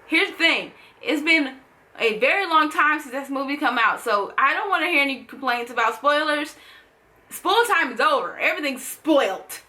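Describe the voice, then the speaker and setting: A young woman talking casually and playfully to camera in a fan-theory vlog, full of animated asides. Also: sits high, moderate pace. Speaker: vlogger.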